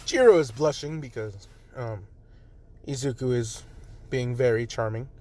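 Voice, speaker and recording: A young man tells a fan story off the cuff, rambling along with constant fillers and the occasional curse. His voice sits at an ordinary middle pitch and stays loose and unscripted. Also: unhurried, a little mellow. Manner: rambling, filler-heavy, profane. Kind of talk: casual spoken fan story.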